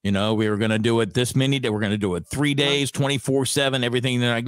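A middle-aged radio personality telling stories in a relaxed interview, acting out the voices of people he quotes. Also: medium pitch, fast talker, few pauses, smooth, no room sound, studio quality. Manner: animated, acts out quoted dialogue. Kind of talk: conversational storytelling.

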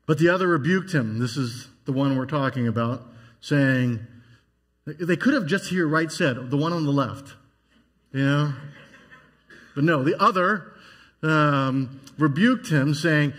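A man's voice: a little high, measured pace, pauses often, fairly bright tone, slightly rough. A man preaching a sermon as pastor, musing aloud in a conversational way with frequent restarts.

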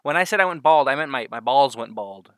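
A man's voice: medium pitch, animated, brisk, a bit bright, dry recording, clean studio sound. A man vlogging a crude, sarcastic comedic rant, often breaking into laughter at his own jokes.

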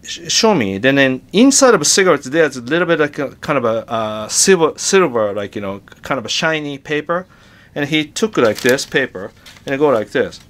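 A man teaching guitar in a casual lesson, chatty and halting, often repeating words as he demonstrates. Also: medium pitch, expressive, a bit bright.

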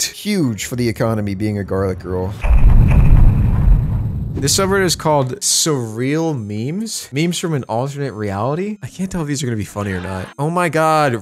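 A man streaming casually while high, animated and giggly, swearing freely as he chats. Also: normal speed, soft background music. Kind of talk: casual livestream chat.

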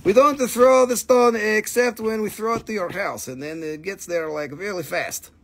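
A male host selling minerals on a live stream. He is excitable and playful and reels off prices and stock numbers. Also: high voice, moderate pace. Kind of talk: live sales stream, casual chat.

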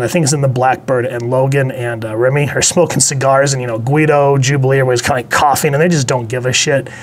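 A man giving a casual spoken comic book review, chatty and digressive, blunt, with casual swearing. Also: medium pitch.

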